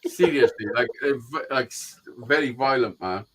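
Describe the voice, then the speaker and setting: A man's voice: mid-range voice, moderate pace, slight background noise, low-quality recording. A man hosting a live stream, chatting casually and telling profane stories with acted-out quotes. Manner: profane, animated storyteller who acts out quotes. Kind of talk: casual chat, storytelling.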